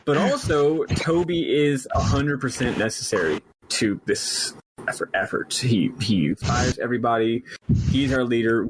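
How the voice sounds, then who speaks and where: A man's voice: mid-range voice, slight background noise, low-quality recording. A man hosting a podcast, casually recapping a story game in a rambling way. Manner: rambling, lots of fillers and quick paraphrased quotes. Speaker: podcast host.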